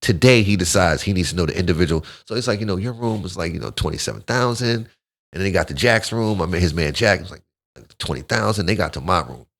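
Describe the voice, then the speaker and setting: Fast-talking low-voiced man telling stories. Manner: animated storyteller, quotes others in voices. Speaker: podcast guest. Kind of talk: casual storytelling chat.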